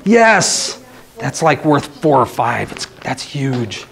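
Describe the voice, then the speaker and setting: A man's voice: medium pitch, big pitch swings, takes it slowly, creaky, a bit bright. A man giving a live lecture with drawings to an astronomy club. He is playful and keeps checking in with his listeners. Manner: playful, often checks in with the audience. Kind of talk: live classroom-style lecture.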